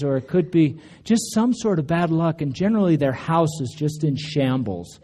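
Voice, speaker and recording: A male pastor gives a relaxed, conversational sermon in a church, his voice mellow and a little higher than most men's. He tells stories casually and slips into raised, animated voices for the quotes. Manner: conversational storytelling, acts out quotes with raised pitch. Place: church sanctuary.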